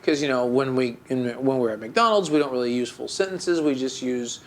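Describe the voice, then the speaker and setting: With a medium-pitched voice, a podcast co-host talks a little fast and hardly pauses. He chats casually and tells a story in mock melancholy, rambling through many fillers and restarts.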